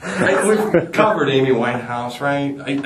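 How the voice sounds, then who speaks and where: A man's voice: medium pitch, reverberant, far from the mic, heavy background noise. A man hosting a radio show, chatting and telling jokes in a jokey way that repeats itself. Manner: animated, jokey, repeats himself. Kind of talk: morning radio banter and joke telling.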